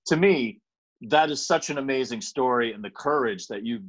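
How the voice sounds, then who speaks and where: A man's voice: medium pitch, normal speed, husky. A male podcast host thanking his guest in a rambling, effusive way. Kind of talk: casual interview chat.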